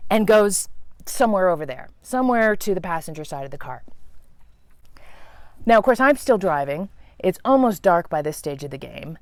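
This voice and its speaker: Lively, animated woman telling a story. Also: lowish voice, no echo. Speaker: travel vlogger. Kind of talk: comic storytelling to camera.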